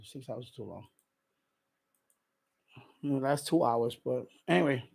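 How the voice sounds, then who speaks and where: A man's voice: medium pitch, animated, a little slow, vocal fry, a little mellow. A man talking casually and out of breath on a live stream about his ham radio, laughing to himself as he moves gear around his setup.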